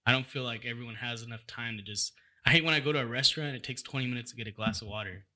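A man's voice: medium pitch, racing, crowd noise. A man, a restaurant business owner and podcast guest, talking eagerly and casually about how he runs things. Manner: eager, talks shop about restaurant systems. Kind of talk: casual chat.

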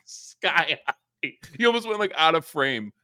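A man's voice: on the high side, animated, unhurried, sharp tone, a little hiss or hum. A middle-aged man co-hosting a podcast in casual chat, swearing freely and laughing mid-story. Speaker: podcast co-host.

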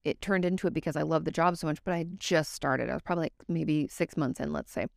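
A woman's voice: low voice, steady tone, fast talker, vocal fry, a little mellow, dry recording, studio quality. A woman therapist talking casually and candidly to her viewers, giving advice and now and then swearing. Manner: candid, conversational, occasionally swears.

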